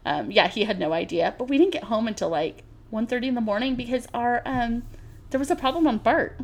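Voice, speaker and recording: Animated young woman telling a story. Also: a little high, fairly quick, vocal fry. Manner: animated, laughing, acts out quotes in a story. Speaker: podcast co-host. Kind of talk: casual chat, storytelling.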